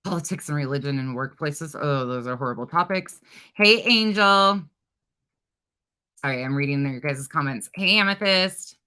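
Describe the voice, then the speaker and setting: Her voice is deep and smooth, and she talks at a normal speed. She hosts a true crime livestream, chatting casually and giving viewer comments an energetic, expressive read.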